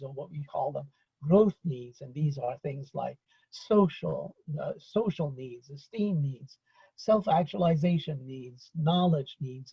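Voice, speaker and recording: A man with a raspy, breathy voice that sits a little high gives an unscripted webinar lecture. He talks through his points with fillers and restarts. His voice comes through a computer mic on a video call, and the audio is dull and lo-fi.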